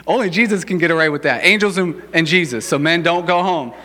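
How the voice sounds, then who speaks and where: A man's voice: a little high, animated, fairly quick, sharp tone, big-room sound. A man preaching a sermon in a casual, joking, conversational way. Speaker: pastor.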